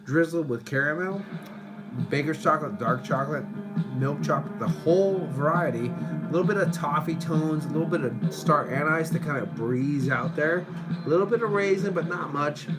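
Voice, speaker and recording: A man casually reviewing a beer on a live stream at home, rambling, swearing, and now and then breaking into shouts at viewers. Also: fairly high pitch, normal speed, loud music behind the voice, rough recording.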